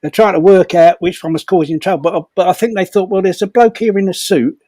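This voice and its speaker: Older man, storyteller at a comedy fundraiser; raised pitch, stumbling repeats, amused chuckles, dry close mic. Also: dark tone, no room sound. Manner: halting, repeats words, chuckles while telling. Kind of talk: comic anecdote telling.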